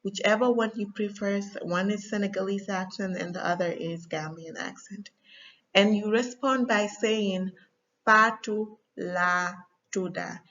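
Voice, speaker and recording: A woman's voice: medium pitch, highs cut off. Patient woman teaching a language lesson. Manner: patient, slow, with frequent ums and spelled-out examples.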